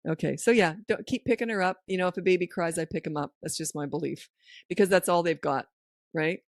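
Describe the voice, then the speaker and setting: A middle-aged woman with a lowish voice talks a little fast as she hosts a parenting podcast. In a clean, echo-free studio recording, she gives casual, down-to-earth advice and tells anecdotes, acting out what people said.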